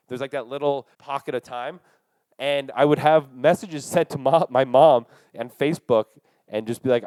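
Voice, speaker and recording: A man's voice: mid-range voice, fairly quick, darkish tone, dry recording, rough recording. A young man hosting his own show, telling a rambling, profane travel story in a casual monologue. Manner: rambling and profane, many fillers. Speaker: podcast host.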